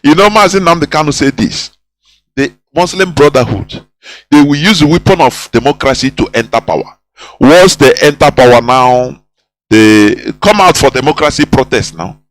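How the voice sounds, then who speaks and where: A man's voice: a little high, animated, normal speed, rough recording. A man hosting a radio talk show, delivering an impassioned monologue full of repetition and rhetorical questions. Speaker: radio host.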